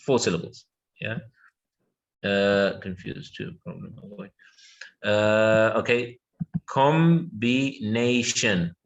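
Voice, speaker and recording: A man's voice: lowish voice, fairly even intonation, takes it slowly, vocal fry, pauses often, dull audio. Patient male English teacher. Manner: patient, repeats words and checks understanding. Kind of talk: spoken English lesson.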